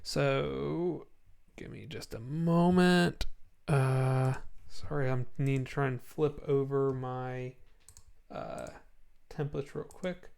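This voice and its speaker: A man giving a casual screen-share walkthrough of a spreadsheet template, sleepy and yawning, relaxed and rambling with many ums. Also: medium pitch, slow, vocal fry.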